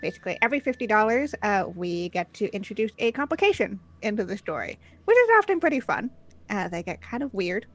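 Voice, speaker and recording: A woman's voice: medium pitch, animated, fast, hardly any pauses. A woman game master opening a tabletop role-play stream, upbeat and chatty, with many filler sounds. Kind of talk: stream intro and announcements.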